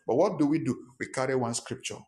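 A man's voice: medium pitch, brisk, warm tone. A pastor preaching a sermon, emphatic and repetitive, with rhetorical questions to his congregation.

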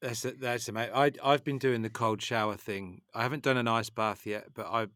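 Enthusiastic, rambling middle-aged host. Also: male voice, medium pitch, steady tone, a little fast, fairly bright tone, no echo, studio quality. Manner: enthusiastic, rambling, stumbles and restarts. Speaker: podcast host. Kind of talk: casual podcast interview.

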